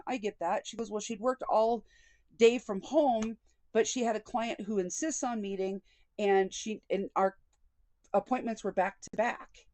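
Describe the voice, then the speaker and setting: A woman's voice: fairly high pitch, normal speed, darkish tone, dry recording. Candid woman telling a personal story. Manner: candid and indignant, with frequent quoted dialogue. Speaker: vlogger.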